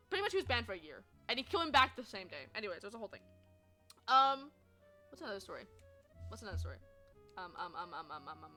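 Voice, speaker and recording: Young woman, streamer, high lively voice, bright tone, chatty storytelling, casual swearing. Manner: chatty, animated, swears freely, laughs often.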